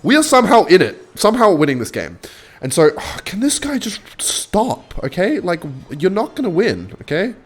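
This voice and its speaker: A gaming YouTuber, this excitable young man narrates gameplay in a voice that sits high at a moderate pace. His live commentary mixes in storytelling, chatty and excitable, swinging between hype and muttering.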